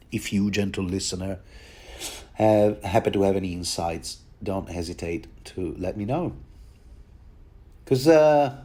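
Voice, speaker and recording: A man's voice: fairly low pitch, a little mellow, husky. A man giving a rambling, chatty commentary on a book, with many restarts and bits of laughter. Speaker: podcast host reading and commenting on a book.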